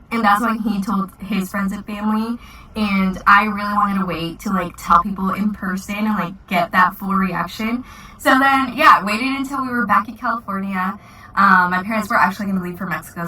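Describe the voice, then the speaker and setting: A woman's voice: mid-range voice, sharp tone, recorded from a distance, slight background noise, rough recording. A woman in her twenties telling a casual storytime vlog, chatty and full of "like" fillers. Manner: chatty, many "like" fillers, giggly. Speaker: vlogger.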